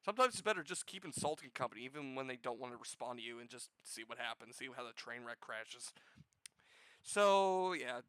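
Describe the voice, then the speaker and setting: A man's voice: mid-range voice, dry recording, rough recording. Profane, sarcastic man ranting about games. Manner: profane, sarcastic, swings from loud outbursts to muttering. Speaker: gaming news host. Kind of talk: ranting casual commentary.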